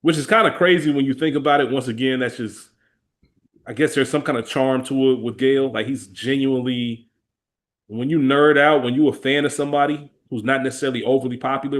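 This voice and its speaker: A man co-hosting a podcast in casual, slangy chat, with a laid-back, lively way of retelling scenes. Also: medium pitch, a little fast. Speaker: podcast co-host.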